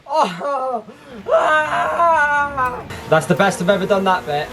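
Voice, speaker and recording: A man commenting on a racing game while he plays, excitable and quick to burst into frustrated shouts. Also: high voice, over music. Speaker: gaming YouTuber.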